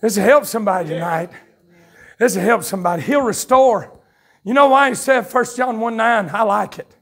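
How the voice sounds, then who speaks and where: A Southern man preaching at a campmeeting, his voice pitched high and gravelly with a husky edge. He swings from fiery shouts into quick, folksy asides to the congregation. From North Carolina, USA. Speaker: pastor. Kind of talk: revival sermon. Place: church sanctuary at a campmeeting. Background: congregation calling out responses.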